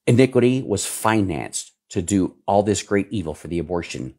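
A male pastor preaching fervently and answering viewer questions, swinging between low mutters and loud outbursts. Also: expressive, normal speed.

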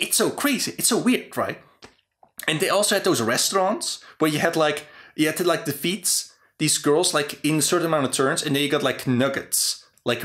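A man's voice: a little high, a bit bright. Rambling, cursing young man ranting. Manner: rambling, profane, exasperated ranting. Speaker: host. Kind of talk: casual chat about game design.

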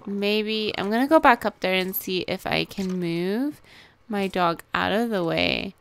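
Young woman, gaming host, unhurried delivery, clean smooth tone, chatty and giggly. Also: medium pitch. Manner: chatty, talks to game animals, giggles. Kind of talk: casual gameplay commentary.

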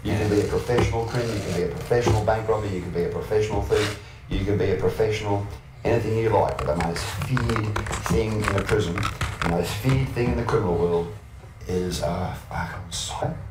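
A man's voice: fairly low pitch, brisk, over music. A man with an Australian accent telling crude, rambling anecdotes, acting out other people's voices and breaking into laughter. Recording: roomy distant archive recording with faint noise.

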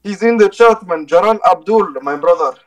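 A man's voice: high voice, normal speed. A man in an online debate, sarcastic and teasing, who keeps interrupting and repeating his phrases. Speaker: debate opponent. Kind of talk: trolling online voice-chat debate.

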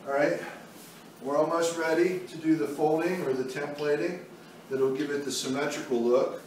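A man's voice: a little high, steady tone, moderate pace, a little mellow. A man walking through a painting demonstration step by step, in an easygoing way while he works. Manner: easygoing, talks while working. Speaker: art instructor. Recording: very echoey room, mic far off, faint noise.

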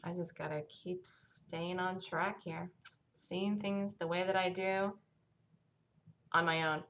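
Bright, self-assured woman market commentator. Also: on the low side. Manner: emphatic, self-assured, repetitive. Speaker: stock market show host. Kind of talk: solo market review commentary.

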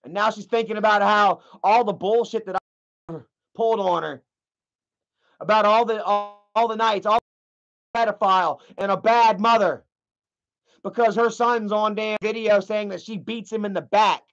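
A man's voice: sits high, fairly even intonation, moderate pace, long pauses, fairly bright tone. A man hosting a livestream, ranting in a profane, rambling way with lots of fillers. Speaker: livestream host. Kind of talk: livestream commentary. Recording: muffled lo-fi audio.

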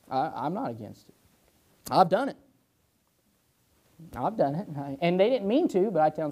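A pastor in his twenties teaches Sunday school in an informal, folksy way, sharing personal stories and peppering his lines with "amen" and "you know." His voice sits on the high side, animated and brisk, with a darkish tone.

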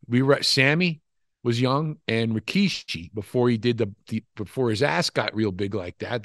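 In a casual interview, an older man with a lowish voice tells rambling, profane, animated stories from his wrestling days. The recording is dry, with clean studio sound.

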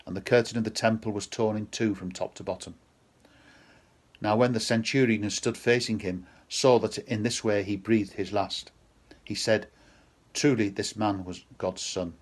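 A man reading a Gospel passage aloud in a measured, solemn way. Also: lowish voice, fairly even intonation. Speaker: scripture reader.

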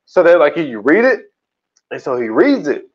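A man's voice: fairly high pitch, sing-song, normal speed, highs cut off. A man co-hosting a podcast in casual chat, retelling a documentary in a rambling, slangy way with many restarts. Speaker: podcast co-host.

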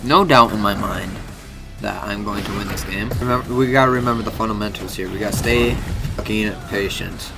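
A young man giving let's-play commentary, excitable, swearing a lot and yelping and shouting when his character takes hits. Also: lowish voice, fairly quick, creaky, music in the background. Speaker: gaming YouTuber.

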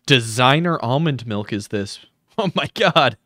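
A man's voice: medium pitch, animated, measured pace, fairly bright tone, soft background music. A man giving crude, sarcastic live reaction commentary on a video, thanking viewers as he goes.

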